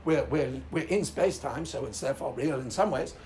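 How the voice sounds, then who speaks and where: A man doing a mocking impression of a skeptical adult man who quibbles over what words mean, in a low drawl. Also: a little fast, a little mellow, a little hiss or hum, natural voice. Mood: pedantic.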